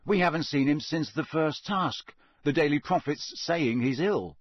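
A man's voice: fairly high pitch, animated, normal speed, husky, no room sound, studio quality, pitched above the performer's own voice. A man voicing an earnest teenage boy wizard who speaks in a direct way, in an audiobook reading. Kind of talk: audiobook character voice.

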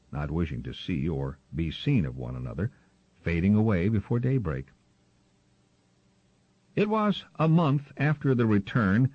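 A man narrating a storybook in an expressive storytelling manner, on a slightly muffled recording. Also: sits low, husky, dry recording. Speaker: audiobook narrator. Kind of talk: scripted narration.

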